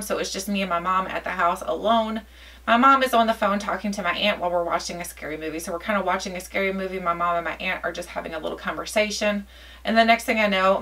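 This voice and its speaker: Woman vlogger, casual storytelling, bright tense tone, voice a little off-mic. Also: medium pitch, far from the mic, low-quality recording. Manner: chatty, lively retelling with quoted dialogue.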